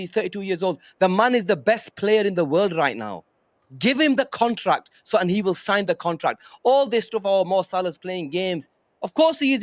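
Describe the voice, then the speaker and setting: Fired-up fan panelist, high voice, dry close sound, emphatic and swearing. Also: male voice, no echo. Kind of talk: heated podcast rant.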